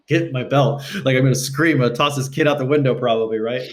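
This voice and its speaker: Animated man telling stories on a podcast. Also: moderate pace. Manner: animated, acts out quotes with shifting pitch. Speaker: podcast guest. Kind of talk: casual conversational storytelling. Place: Los Angeles.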